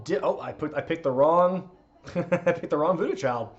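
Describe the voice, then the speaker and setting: A man's voice: a little high, moderate pace, muffled recording. A man hosting a live wrestling watch-along stream, chatting casually, laughing, and reading out viewer requests. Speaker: streamer host.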